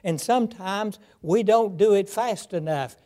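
Slow, emphatic older male preacher. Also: high voice, mellow. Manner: slow, emphatic, repeats key phrases. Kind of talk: sermon.

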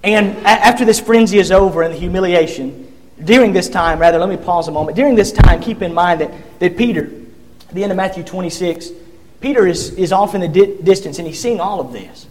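A man's voice: sits high, fairly quick. A man preaching a sermon, retelling scripture in vivid storytelling with frequent restarts and acting out the quoted figures.

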